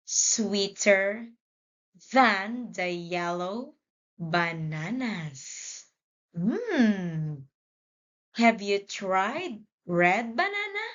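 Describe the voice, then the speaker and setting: A woman teacher giving a children's English lesson, prompting read-alongs in a slow, deliberate way. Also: medium pitch, a bit bright, dull audio.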